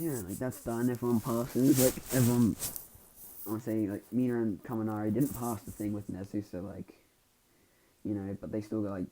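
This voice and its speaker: A man's voice: lowish voice, warm tone, a little hiss or hum, poor audio. A young man casually retelling a fan story, rambling with lots of filler words. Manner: rambling, filler-heavy, constantly says "like".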